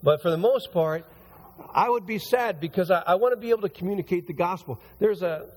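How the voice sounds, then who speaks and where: A man preaching a conversational sermon as pastor, his voice a little hoarse and recovering. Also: high-pitched, brisk, darkish tone. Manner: conversational, rambling with restarts. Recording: long hall reverb.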